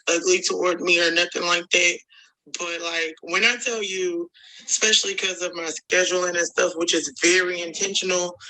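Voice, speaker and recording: A woman's voice: lowish voice, pushed and bright, poor audio. A woman leaving a voice memo for a podcast, reflective and rambling as she talks things through aloud. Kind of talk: recorded voice memo.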